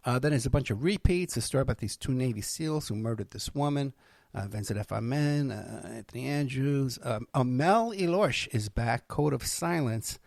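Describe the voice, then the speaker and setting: Tired, rambling New man with gravelly voice. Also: mid-range voice, animated, moderate pace, a little mellow, no echo, studio quality. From New York. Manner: rambling, with many fillers and restarts. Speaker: podcast host. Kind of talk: casual monologue.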